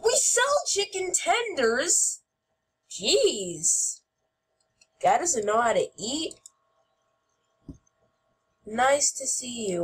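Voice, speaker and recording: A woman giving playful gameplay commentary as host, goofy and shouting mock-angrily at other players. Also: sits high, slight background noise.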